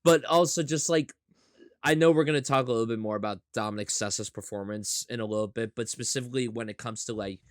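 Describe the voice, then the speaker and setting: A man's voice: medium pitch, quick pace, no room sound, studio quality. A man guesting on a podcast, chatting animatedly, swearing and acting out lines. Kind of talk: casual chat.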